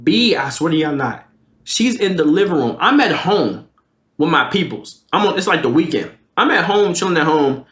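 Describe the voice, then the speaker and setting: Young man, streamer, profane storytime, lively swooping pitch, echoey room. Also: normal speed. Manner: animated, slangy, swears a lot. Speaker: live streamer. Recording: roomy echo.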